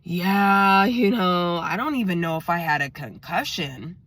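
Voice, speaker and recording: A woman's voice: lowish voice, animated, unhurried, a bit bright, dry recording, studio quality. A woman voicing a hungover, rambling young man who talks in a groggy, self-pitying way.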